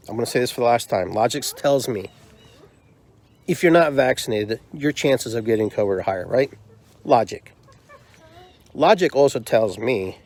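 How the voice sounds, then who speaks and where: This podcast host, who also runs a drum circle, has a mid-range, slightly mellow voice. He rants with heat and frustration, firing off one rhetorical question after another.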